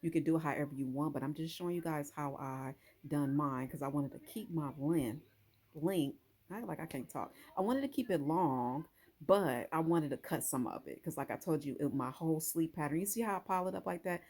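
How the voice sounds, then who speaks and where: A woman vlogger talks her viewers through a hands-on task in a loose, chatty way. Her voice sits low and has a husky, gravelly grain. The tone is dark and mellow rather than bright. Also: fairly quick. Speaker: hair vlogger. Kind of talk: casual how-to vlog.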